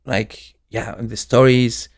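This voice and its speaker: A man's voice: medium pitch, slow, creaky. A young man from Ecuador with an Ecuadorian Spanish accent, a bartender and podcast guest talking casually and acting out the voices in his stories. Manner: animated storytelling, acts out quoted voices.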